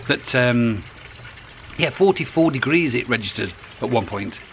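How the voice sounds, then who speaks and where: Speaking a touch slowly, a middle-aged UK man chats to the camera next to his garden pond in a casual koi vlog, wandering off topic and restarting phrases. His medium-pitched voice has lively intonation over slight background noise.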